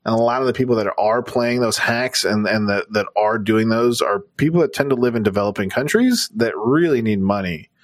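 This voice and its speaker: A man's voice: on the low side, brisk, hardly any pauses. A man co-hosting a casual gaming podcast, talking at length and repeating words as he thinks. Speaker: podcast co-host.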